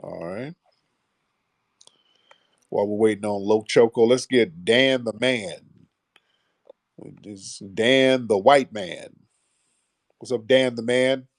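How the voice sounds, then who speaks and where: A man's voice: fairly low pitch, slow pace, pauses often, dry recording, studio quality. Blunt, slangy male call-in host. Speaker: host of a call-in audio show. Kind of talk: live call-in talk.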